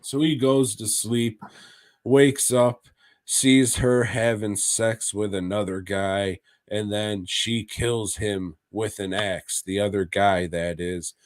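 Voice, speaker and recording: A man's voice: fairly low pitch, steady tone, slow pace, no room sound, clean studio sound. A man co-hosting a podcast, recapping episodes in a crude, joking way and laughing as he talks. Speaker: podcast co-host. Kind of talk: casual chat recapping a horror anthology.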